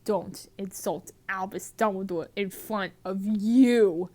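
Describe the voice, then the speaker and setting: A woman doing a gruff kindly giant man. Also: medium pitch, slow, darkish tone, lightly acted.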